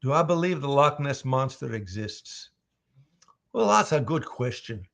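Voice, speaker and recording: A man with a gravelly, fry-edged voice chats casually as he reads fan questions off a live stream. He tells stories with frequent chuckles at an everyday pitch. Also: very animated, unhurried, a bit bright. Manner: chuckly, storytelling, reads chat aloud. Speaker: voice actor at a live signing.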